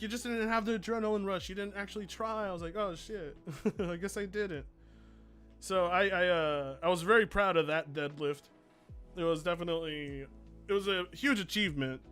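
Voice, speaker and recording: A man's voice: high voice, pushed and bright, smooth. A man streaming live, chatting loosely, swearing freely and reading out donations. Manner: rambling, swears freely, reads donations aloud. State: mellowed out. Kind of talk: casual livestream chat.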